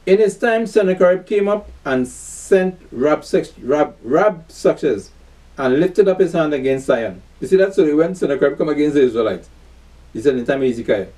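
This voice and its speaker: A man's voice: on the high side, lively intonation, normal speed, mellow, recorded from a distance, poor audio. A man preaching and teaching scripture, reading verses aloud and asking the listeners questions to answer. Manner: call-and-response questions, repeats "you see that"; reads verses aloud then comments emphatically.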